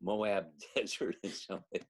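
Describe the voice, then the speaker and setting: An older man, an actor guest, telling a long anecdote in an animated way, acting out the quotes and laughing often. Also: fairly low pitch, unhurried. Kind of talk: anecdotal storytelling.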